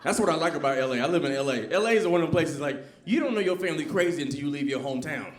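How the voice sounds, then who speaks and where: A man from the American South, doing an animated, conversational stand-up set and quizzing the crowd. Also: on the high side, rapid-fire, a little hiss or hum. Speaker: stand-up comedian. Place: comedy club stage. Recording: echoey club room.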